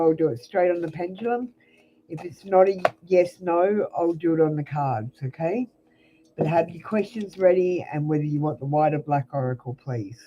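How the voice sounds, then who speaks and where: A woman's voice: on the low side, warm tone, highs cut off, a little hiss or hum. A young adult Australian woman giving blunt, chatty tarot readings on a live stream, calling viewers by name. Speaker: tarot reader.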